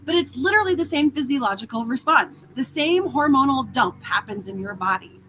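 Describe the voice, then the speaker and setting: A woman hosting a casual spiritual talk who talks in an animated way, swears freely and acts out inner voices. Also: sits high, a little fast, a little hiss or hum. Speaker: host.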